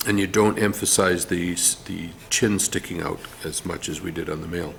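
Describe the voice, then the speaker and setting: Low-voiced man teaching drawing. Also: fairly even intonation, moderate pace, creaky, slight background noise. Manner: explains step by step while drawing, with many fillers. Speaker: art teacher. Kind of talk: drawing tutorial demonstration.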